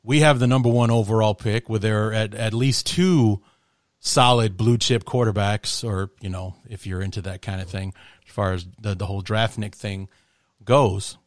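A man's voice: on the low side, fairly even intonation, moderate pace, dry recording. Male host, casual sports chat, restarts often, dry close mic. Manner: rambling, with many restarts and laughs. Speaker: podcast host.

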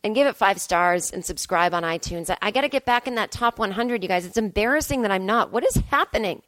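Speaking quickly in a medium-pitched voice, a woman comedian on her podcast rambles through a self-mocking anecdote in a relaxed monologue. She quotes herself with lively animation, and there's no echo.

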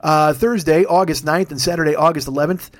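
Male comedian-host, late-night tired, yawning, profane, rambling, self-deprecating, slightly high voice. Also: fairly quick. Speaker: podcast host; stand-up comedian. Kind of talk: casual late-night monologue with plugs.

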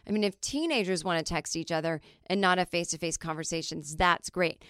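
A middle-aged woman hosting a podcast, telling stories in a chatty, animated way with lots of fillers. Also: lowish voice, clear, resonant tone, no room sound, clean studio sound. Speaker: podcast host. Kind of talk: casual comedic monologue.

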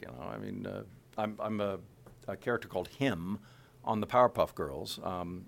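Middle-aged man, a voice actor, with a lower, gravelly voice and lively delivery. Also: moderate pace. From Kansas City, USA. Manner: animated, full of filler words. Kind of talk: casual interview talk.

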